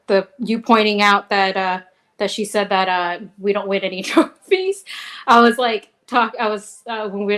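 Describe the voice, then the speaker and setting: A woman's voice: medium pitch, fairly bright tone. A woman chatting casually on a call-in show, rambling with frequent restarts and laughter. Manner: rambling, laughing, self-interrupting.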